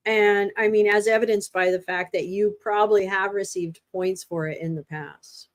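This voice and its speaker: A chatty woman talks casually to her livestream audience from her desk, thinking aloud as she fiddles with new gadgets. Her voice sits at an ordinary middle pitch for a woman, relaxed and unscripted. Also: moderate pace, hardly any pauses. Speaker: livestream host. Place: at her desk, home streaming setup.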